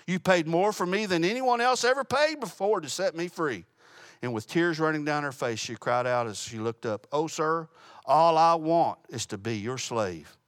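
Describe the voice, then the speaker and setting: A man's voice: a little high, expressive, moderate pace, fairly bright tone, no room sound, studio quality. A man teaching a Bible study, telling a story and closing in prayer, earnest and plain-spoken with small restarts. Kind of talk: sermon with storytelling.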